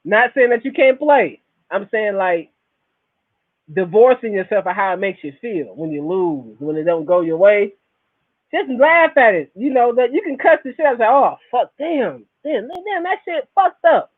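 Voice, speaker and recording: A man in his thirties talking in a casual monologue, animated and repetitive, full of swearing and rhetorical questions. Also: high-pitched, moderate pace. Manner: animated, repetitive, profane storytelling. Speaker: podcast host. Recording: tinny phone-like recording.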